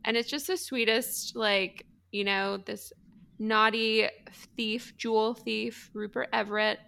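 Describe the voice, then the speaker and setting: A woman's voice: a little high, fairly even intonation, slow, gravelly, sharp tone, clean tone. A woman in her thirties co-hosting a podcast, chatting casually and gushing with lots of "like" and giggles. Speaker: podcast co-host. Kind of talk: casual chat.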